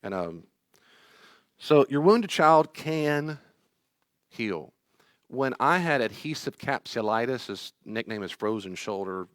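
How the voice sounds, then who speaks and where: A man's voice: medium pitch, sing-song, slow pace, pauses often, a bit bright, clean tone, no room sound, studio quality. A middle-aged man, a therapist teaching a class, telling personal stories in an earnest, pleading way. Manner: earnest, pleading, acts out quoted voices.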